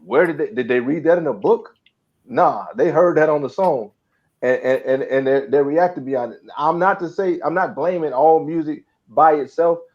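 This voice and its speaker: A man's voice: a little high, moderate pace. A man in his forties co-hosting a casual podcast, speaking in an earnest, reflective way. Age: 40s. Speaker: podcast co-host. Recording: dull lo-fi recording.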